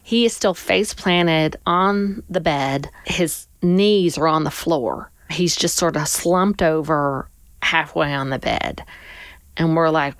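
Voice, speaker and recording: A woman's voice: deep voice, slow pace, smooth, no room sound, studio quality. A woman animatedly telling a personal story in conversation, acting out what people said. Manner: animated, acts out people's lines. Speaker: guest storyteller.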